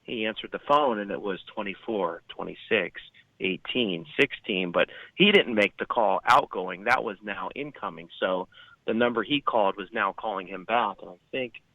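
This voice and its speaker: A man's voice: on the low side, normal speed, dry recording. A man talking at length on a podcast, rambling with many fillers and restarts. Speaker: podcast guest. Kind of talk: conversational podcast talk. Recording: dull lo-fi sound.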